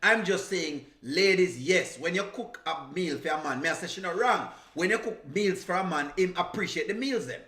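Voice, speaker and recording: Sitting high and sounding pushed and bright, a Jamaican man's animated voice moves at normal speed with few pauses in a roomy space. He's a reaction streamer chatting casually live in a Jamaican accent, teasing, laughing and drifting into patois.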